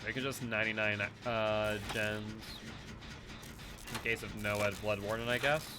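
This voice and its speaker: A man giving live commentary while playing a game, excitable and quick to laugh, jumping to shouts when startled. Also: lowish voice, over music. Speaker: game streamer.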